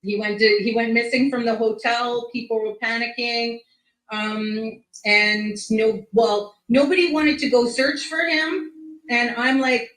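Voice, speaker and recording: A woman guest telling a story in casual chat, lively and full of quoted speech and swearing. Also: a little high, unhurried. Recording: echoey room.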